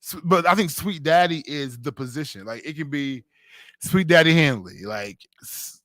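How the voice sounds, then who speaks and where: A man's voice: on the high side, lively intonation, normal speed, fairly bright tone, no room sound. A man from Western New York hosting a casual radio talk show, telling stories animatedly and laughing often. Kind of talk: casual chat.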